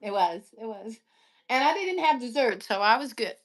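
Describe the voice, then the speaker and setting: A woman's voice: fairly high pitch, very animated, moderate pace. Talkative New York woman. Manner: rambling, talkative. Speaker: livestream guest. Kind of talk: casual live chat.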